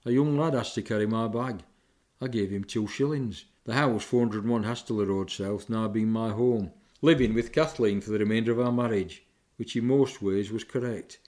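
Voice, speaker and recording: Older veteran, low voice, plain-spoken and reflective memoir teller. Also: male voice, moderate pace, darkish tone. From England, Sheffield. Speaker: war veteran recounting memories. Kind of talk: personal memoir recollection.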